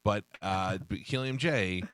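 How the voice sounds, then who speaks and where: A man's voice: lowish voice, a little slow, a bit bright, clear, resonant tone, dry recording. A man hosting a radio show, chatting casually and telling stories, acting out the voices of the people in them. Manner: storytelling, acts out voices in anecdotes. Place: radio studio. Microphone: studio microphone.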